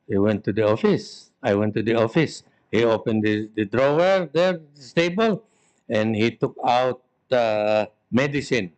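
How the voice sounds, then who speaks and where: Joking Filipino priest telling stories. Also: male voice, mid-range voice, lively intonation, unhurried, a little mellow. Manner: humorous, self-mocking, conversational. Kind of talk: storytelling talk on forgiveness.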